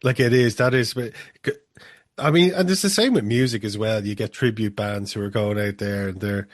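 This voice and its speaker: Guy cohosting a podcast, blunt, swears a lot, lowish voice, dry close sound. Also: normal speed, no room sound. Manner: opinionated, blunt, swears freely. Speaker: podcast co-host. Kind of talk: casual podcast chat.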